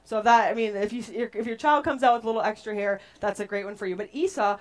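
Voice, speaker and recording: A young adult woman preaching a casual, playful sermon to a group, chatty and animated as she tells stories. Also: medium pitch, fast talker.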